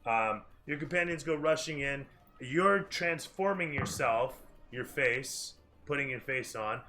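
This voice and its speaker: A man's voice: medium pitch, expressive, a little slow, sharp tone, soft background music. A man narrating and ruling as game master in a tabletop game, explaining at length.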